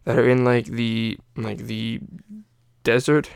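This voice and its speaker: A man's voice: mid-range voice, completely flat delivery, slow, vocal fry, clear, resonant tone, no room sound. A young man hosting a casual podcast, rambling and swearing with lots of fillers. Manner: rambling, profane, many fillers. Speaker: podcast host.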